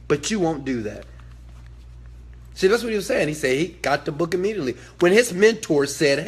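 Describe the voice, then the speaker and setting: A man's voice: a little high, animated, moderate pace, husky. A man hosting a motivational talk, emphatic and preachy, who hammers phrases by repetition and swears freely. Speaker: host.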